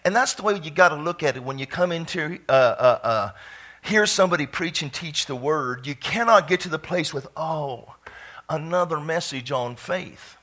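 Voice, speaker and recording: A pastor preaching a sermon in church, fervent and breaking into excited shouts. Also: male voice, on the high side, brisk. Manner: fervent, bursts into shouts and exclamations.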